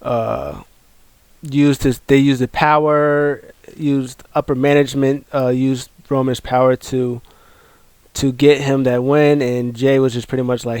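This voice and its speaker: Casual recap host: a man, rambling and excitable, in a dry, close recording. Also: medium pitch, measured pace, clear, resonant tone, dry recording. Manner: excitable, rambling with many fillers and restarts. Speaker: wrestling show recap host. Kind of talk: casual video commentary.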